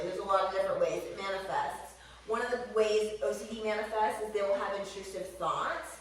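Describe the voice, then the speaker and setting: A woman's voice: medium pitch, quick pace, slight background noise. A woman vlogging casually while stretching, talking candidly and rambling, swearing freely. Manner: rambling, candid and profane, with laughs. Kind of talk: casual chat to camera. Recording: echoey room, voice from far off the mic.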